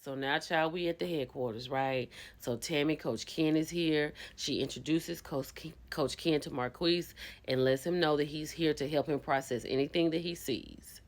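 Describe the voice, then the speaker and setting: A woman recapping a reality show in a gossipy, expressive way, acting out the people she quotes. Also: deep voice, normal speed. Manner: gossipy and expressive, acts out quotes, bursts into laughter. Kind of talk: animated casual recap.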